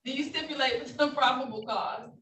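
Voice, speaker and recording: A woman's voice: high voice, a little fast, fairly bright tone. A woman judge running courtroom proceedings in a formal, patient, procedural manner over a video call. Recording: roomy, distant, faint noise.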